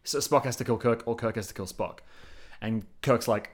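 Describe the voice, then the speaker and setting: A man's voice: medium pitch, normal speed, breathy edge. Rambling, profane male storyteller. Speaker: podcast guest. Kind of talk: casual chat.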